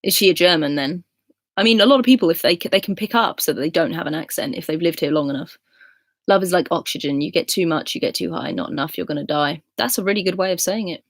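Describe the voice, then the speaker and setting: Chatty young English woman, gravelly voice. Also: on the low side, fast talker, dry recording, clean studio sound. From England. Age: 20s. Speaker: livestream host. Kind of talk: casual chat reading viewer comments.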